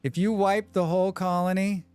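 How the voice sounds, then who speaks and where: A man hosting a live game stream, chatting quickly with viewers and thinking aloud as he plays. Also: sits high, level tone, a little mellow, smooth, no echo, soft background music. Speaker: livestream game host. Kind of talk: casual live gameplay commentary.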